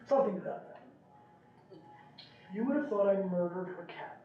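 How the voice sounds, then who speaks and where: A middle-aged man with a high voice talks a little fast at a parent meeting, leaving long pauses as he tells stories and animatedly asks the audience "right?" again and again. It's a storytelling presentation in a meeting room, and the recording sounds roomy, distant and dull, with a little hiss or hum.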